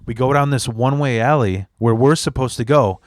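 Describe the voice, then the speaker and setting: A man's voice: medium pitch, fairly quick, no room sound, clean studio sound. A young man from the Chicago area, a stand-up comedian telling rambling, profanity-laced stories in a casual podcast chat. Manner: rambling storyteller, swears a lot.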